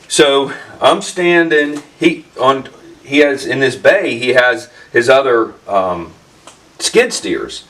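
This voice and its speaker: A man's voice: medium pitch, expressive, slow pace, fairly bright tone, far from the mic. A man hosting a casual vlog, telling a story in a rambling way with many fillers and restarts in his workshop. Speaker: channel host.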